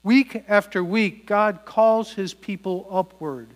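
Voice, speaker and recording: A man preaching a sermon in a measured, declarative way, with deliberate pauses between phrases. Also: high-pitched. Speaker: pastor.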